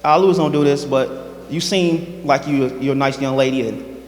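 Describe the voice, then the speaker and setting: A man's voice: medium pitch, fairly even intonation, normal speed, a little mellow. Man giving testimony in an echoey church. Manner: emotional storytelling, acts out quoted dialogue. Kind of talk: personal testimony. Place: church sanctuary. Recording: echoey church hall, long reverb.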